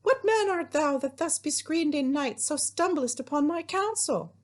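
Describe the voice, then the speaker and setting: A woman's voice: high voice, lively intonation, moderate pace, voice pushed up. A woman voicing young Juliet, reading her lines in a raised, theatrical voice. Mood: wary. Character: young Juliet, wary and practical girl.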